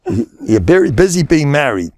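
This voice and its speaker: A man's voice: a little high, sing-song, brisk, darkish tone. An older man, a rabbi giving a jovial, laughing Purim sermon with mock-dramatic asides. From United States.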